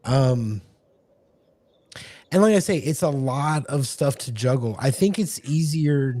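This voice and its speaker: A man's voice: mid-range voice, lively intonation, takes it slowly, dark tone, no room sound. A man co-hosting a casual podcast as game master, rambling with many restarts. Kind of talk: casual chat.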